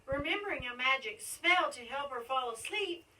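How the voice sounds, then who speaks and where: A woman reading a rhyming picture book aloud in a sing-song, animated way, in a school library. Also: high-pitched, moderate pace, slight background noise. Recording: distant mic.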